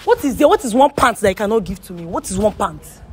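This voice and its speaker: A young woman with a Nigerian accent keeps pleading and repeating the same request at a middle pitch. She is recorded outdoors, and clear background noise runs under her voice. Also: very animated, fast talker. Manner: pleading, persistent, repetitive. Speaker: prankster. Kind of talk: street prank.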